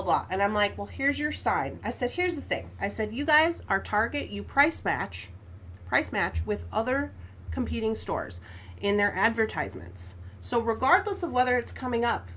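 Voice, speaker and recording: A woman's voice: on the high side, fairly bright tone. A woman hosting a live stream, telling a story in a casual, exasperated way and laughing often.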